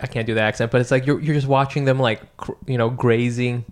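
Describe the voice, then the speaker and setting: A man's voice: medium pitch, steady tone, fast. A young man co-hosting a casual chat, joking and swearing freely as he tells stories.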